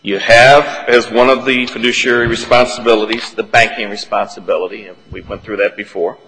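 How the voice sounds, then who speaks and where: A man's voice: on the low side, flat delivery, fairly quick, pushed and bright. A man serving as an appellate judge, methodically probing counsel with questions during oral argument. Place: large courtroom. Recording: reverberant courtroom.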